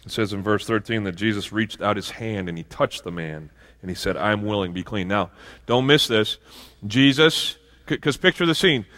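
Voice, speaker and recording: Guy preaching a sermon, bright voice, chatty with lots of restarts, church reverb. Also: mid-range voice. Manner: conversational preaching with asides and restarts. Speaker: pastor. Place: church sanctuary.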